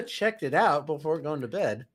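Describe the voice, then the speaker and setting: A woman's voice: sits low, very animated, slow. A woman in casual podcast chat, teasing and laughing often.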